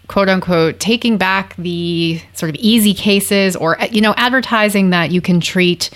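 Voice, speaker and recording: A woman co-hosts a podcast with a chatty, explaining manner. Her voice sits fairly low for a woman. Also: a bit bright. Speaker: podcast co-host. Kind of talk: casual podcast chat.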